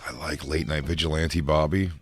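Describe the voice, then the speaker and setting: A man co-hosting a podcast who teases and riffs with quick wit in casual banter. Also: rumbling low, steady tone, no room sound. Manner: teasing, quick-witted. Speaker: podcast co-host.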